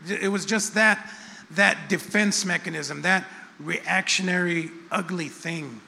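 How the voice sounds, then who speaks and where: A man's voice: high voice, slow, creaky, bright, forceful tone. A middle-aged man preaching a sermon, conversational and repetitive, with self-deprecating asides. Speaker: pastor. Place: church sanctuary. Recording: long church hall reverb.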